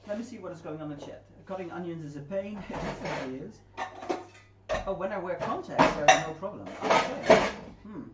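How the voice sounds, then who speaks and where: A woman's voice: fairly low pitch, a little fast, heavy background noise. Chatty woman cooking, echoey kitchen. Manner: chatty, reads chat aloud, laughs easily. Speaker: livestream co-host. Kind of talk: casual chat while cooking. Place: home kitchen. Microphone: distant room mic. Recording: echoey kitchen from far off, clattering pans.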